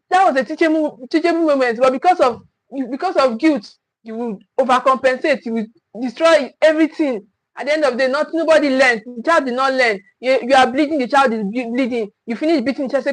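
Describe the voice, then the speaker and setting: High-voiced woman giving earnest parenting advice. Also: brisk, no room sound, poor audio. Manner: earnest, repeats phrases, acts out parents' voices. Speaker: parenting coach. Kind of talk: livestream parenting talk.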